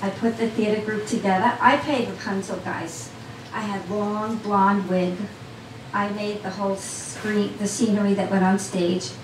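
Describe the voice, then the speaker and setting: A woman's voice: mid-range voice, steady tone, a little slow, noisy background. Woman telling her own story live, keeps talking to the crowd, picked up from a distance in a roomy room. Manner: chatty, talks straight to the audience. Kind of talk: personal storytelling to a live audience. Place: small cafe event. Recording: roomy sound from a distant mic.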